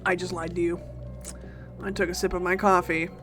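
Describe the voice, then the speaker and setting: A woman streaming a game live, chatting casually and playfully with bursts of loud exclamations. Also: fairly low pitch, level tone, fairly quick, soft background music.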